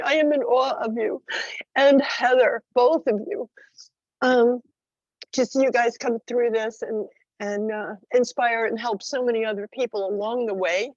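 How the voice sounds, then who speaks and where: A woman's voice: fairly high pitch, a little mellow, no echo. Woman, emotional friend on a video call, tearful, gushing, lots of fillers; dry, muffled call audio. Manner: gushing, rambling with many fillers. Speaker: friend calling in. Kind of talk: emotional heartfelt tribute.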